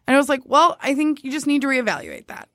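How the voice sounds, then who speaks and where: A woman chatting casually, telling a story with animated quoted dialogue. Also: high voice, fast talker, no echo, studio quality. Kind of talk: casual chat.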